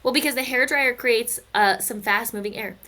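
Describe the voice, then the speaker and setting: A woman's voice: on the high side, normal speed, bright, forceful tone. A woman teaching a recorded physics lesson, chatty and playful, slipping into silly stories and asides.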